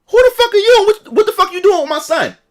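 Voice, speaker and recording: A man's voice: high voice, animated, a little fast, fairly bright tone. A man voicing a foul-mouthed, hostile mother defending her son. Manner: cursing, hostile.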